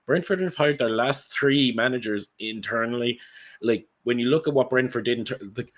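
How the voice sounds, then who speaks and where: A man co-hosting a football podcast, talking in an animated, rambling way and swearing freely. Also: mid-range voice, moderate pace. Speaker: podcast co-host. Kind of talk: casual football chat.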